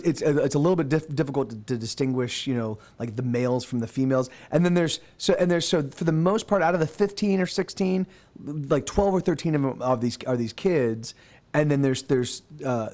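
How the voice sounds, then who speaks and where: A man's voice: medium pitch, darkish tone. A man working as game master, narrating a tabletop game and rambling with many restarts.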